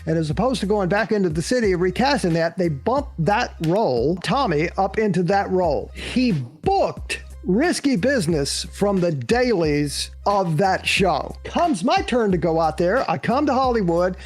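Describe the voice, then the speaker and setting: Animated older man telling stories. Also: sits high, moderate pace, few pauses, husky, soft background music. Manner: lively storyteller who acts out quoted voices and laughs often. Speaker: guest actor telling stories.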